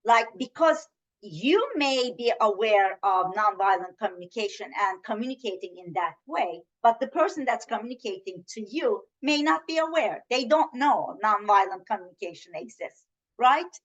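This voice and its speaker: A woman gives a webinar talk over a video call, her voice a little high and her delivery unhurried. She teaches gently and earnestly, pausing to put questions to her listeners. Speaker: webinar presenter on communication.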